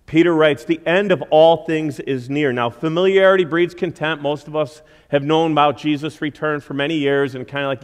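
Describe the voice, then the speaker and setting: Middle-aged man, pastor, earnest sermon, higher voice, long church reverb. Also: fairly even intonation, moderate pace, hardly any pauses, smooth. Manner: earnest, exhorting, drops to a hushed prayer. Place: church sanctuary.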